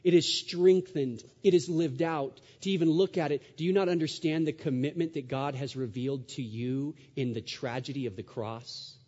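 A man delivers a sermon in a fairly high, mellow voice, pressing his points with rhetorical questions and repetition. His words ring out with a long reverb, as in a large church sanctuary. The sound is a little dull and muffled. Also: normal speed, few pauses. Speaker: pastor.

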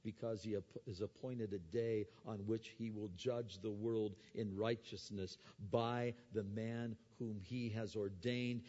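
A man preaching a sermon. He moves between quiet explanation and loud, emphatic preaching, and he asks the audience rhetorical questions. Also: on the low side, fairly even intonation, measured pace, few pauses. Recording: dull sound with long hall reverb.

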